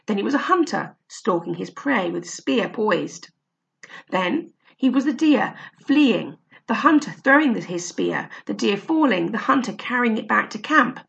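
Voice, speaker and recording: A woman reading a children's story aloud in a steady, expressive way. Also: mid-range voice, gravelly, muffled recording. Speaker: narrator.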